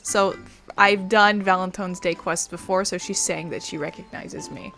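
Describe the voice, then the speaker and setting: A woman's voice: fairly low pitch, steady tone, normal speed, vocal fry, a bit bright, soft background music. A woman making casual, self-deprecating asides while voicing a game's characters. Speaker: gaming streamer voicing game characters. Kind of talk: casual gameplay commentary.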